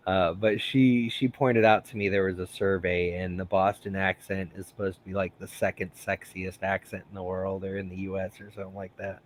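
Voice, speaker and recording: Male stream host, low voice, rambling and laughing, many ums. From United States. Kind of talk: casual live-stream chat.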